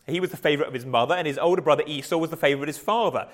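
A man's voice: fairly high pitch, rapid-fire. A man preaching a conversational sermon, often restarting words and chuckling lightly.

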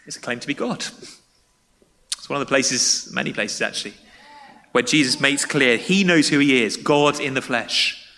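A man's voice: medium pitch, normal speed, pushed and bright. A man preaching a sermon in a church, talking in a conversational way and putting questions to the congregation. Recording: long reverb of a large hall.

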